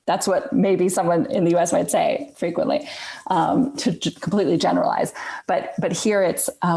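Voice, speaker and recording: A woman with a low voice and a gravelly fry at the edges of her words. She talks casually as a guest, pausing often with fillers and restarting her phrases. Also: steady tone, dark tone. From United States. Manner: hesitant, many fillers and restarts. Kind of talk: casual conversation.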